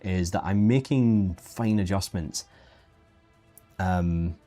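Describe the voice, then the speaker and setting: A deep, mellow male voice that takes its time belongs to a 3D sculpting instructor. He teaches digital sculpting live, chatting and joking casually and often restarting what he says. There's faint music in the background.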